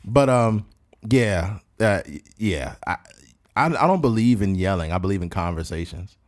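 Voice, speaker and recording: A man co-hosting a casual podcast chat, lively and animated, acting out quotes in high mocking voices. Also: normal speed. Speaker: podcast co-host.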